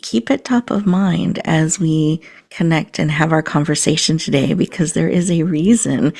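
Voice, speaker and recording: A woman hosting a talk show who leads listeners through a gentle guided meditation, often dropping to a soft whisper. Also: deep voice, gravelly, slightly rough. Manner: slow, soothing guidance with soft whispered passages. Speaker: host.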